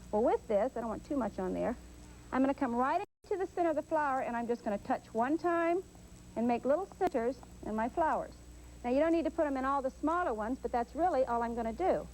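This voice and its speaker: A woman hosting a painting show, gently talking viewers through a step-by-step demonstration. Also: sits high, low-quality recording. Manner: gentle, encouraging instructor. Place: TV studio. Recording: faint hum from old VHS tape.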